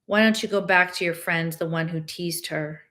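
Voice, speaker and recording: A bitter, grieving father with a lowish voice, tall and thin, sneering and accusing in a novel read aloud, as a woman reads his part. He talks down to the boy with cutting sarcasm. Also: steady tone, normal speed. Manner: sarcastic, then shouting and sobbing.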